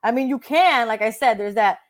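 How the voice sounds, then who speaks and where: A woman realtor talking casually in an interview, blunt and animated, often acting out what other people said. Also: a little high, fairly quick.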